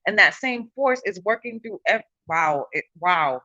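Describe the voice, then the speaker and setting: A woman in casual spiritual storytelling, animated and slangy, swearing freely. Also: mid-range voice, unhurried, dull audio.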